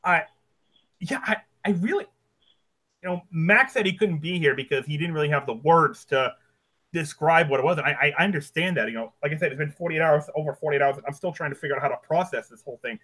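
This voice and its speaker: A man with a high-pitched voice hosts a casual podcast chat. He talks in halting bursts, restarting his sentences and swearing casually as he goes. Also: pushed and bright. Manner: halting, lots of ums and restarts, curses casually. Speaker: podcast host.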